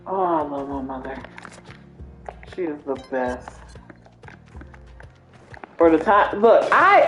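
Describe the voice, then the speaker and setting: A woman's voice: medium pitch, lo-fi sound. Slangy, laughing woman DJ telling stories. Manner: laughing, slangy, lively storyteller. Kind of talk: casual comedic storytelling. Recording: roomy echo with faint music.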